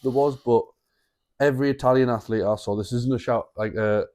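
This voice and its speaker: Laid-back sweary podcast guy, dark voice. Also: mid-range voice, brisk. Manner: relaxed, sweary, rambling banter. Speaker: podcast co-host. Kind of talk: casual sports chat.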